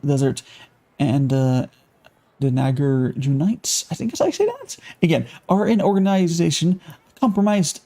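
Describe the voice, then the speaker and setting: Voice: medium pitch, dark tone. A live-streamer reading quest text aloud and stopping to react to viewer chat, with fillers and restarts.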